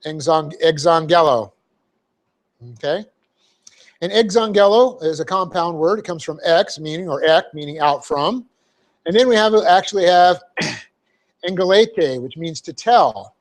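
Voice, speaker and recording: Pastor, male, fairly high voice, explains Greek words step by step with lots of fillers. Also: measured pace. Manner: methodical, spells out Greek words letter by letter; frequent fillers and "okay?" check-ins. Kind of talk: verse-by-verse Bible teaching. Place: church sanctuary.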